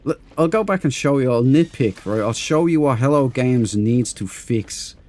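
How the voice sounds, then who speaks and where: A man's voice: mid-range voice, animated, normal speed, darkish tone. A man hosting a casual game stream, chatty and self-mocking, greeting viewers in chat by name. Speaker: gaming livestream host.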